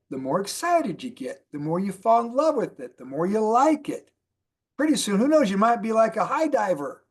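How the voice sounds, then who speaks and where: A man's voice: sits high, breathy edge. A man presenting a motivational training talk, telling stories and asking rhetorical questions. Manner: storytelling, rhetorical questions, repeats lists. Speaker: mentor presenter.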